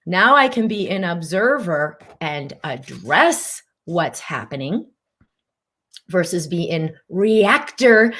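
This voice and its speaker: A woman with a somewhat low voice hosts a live-streamed mind-body teaching talk. She coaches in an earnest tone and leans on repeated phrases. Now and then she breaks into sudden high bursts to act out someone panicking. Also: unhurried. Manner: animated, acts out panicked reactions with sudden high outbursts.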